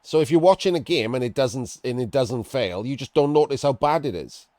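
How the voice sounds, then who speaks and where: A man's voice: mid-range voice, lively intonation, brisk, warm tone, dry recording. A man giving casual, blunt and sarcastic commentary on a game replay, talking to his chat. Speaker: streamer reviewing a game replay.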